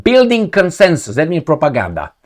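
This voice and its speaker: A man's voice: on the high side, wildly swooping pitch, a little fast. An irritated man reads news articles aloud and rips into them, swinging his voice up and down as he talks. His tone stays sarcastic and profane, and he speaks straight to his audience as a solo commentator. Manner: angry, sarcastic, ranting; profane, addresses viewers directly. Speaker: political commentator.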